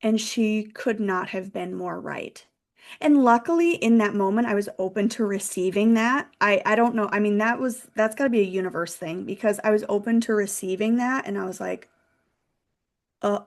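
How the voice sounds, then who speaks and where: A woman in her thirties, a financial consultant guest, telling a candid, animated personal story in a casual interview. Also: mid-range voice, normal speed.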